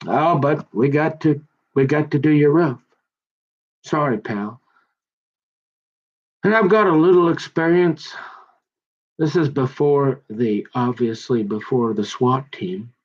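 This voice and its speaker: A man's voice: mid-range voice, slow pace, pauses often. A man, rambling through a casual monologue with folksy slang, often restarting his sentences. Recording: dull lo-fi sound.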